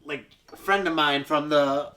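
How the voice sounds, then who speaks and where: Telling a film's story casually and profanely, the comedian keeps slipping into high-pitched squeals and sound effects. He's unhurried, but his voice is pushed and bright.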